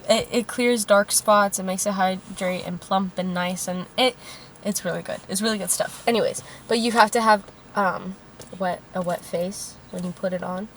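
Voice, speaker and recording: A woman's voice: mid-range voice, steady tone, moderate pace, slight background noise. A young woman co-hosting a podcast, chatting casually and swearing now and then while sitting in a car. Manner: chatty, loose, swears casually, trails off into fillers. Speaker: podcast co-host. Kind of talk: casual chat. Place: inside a parked car.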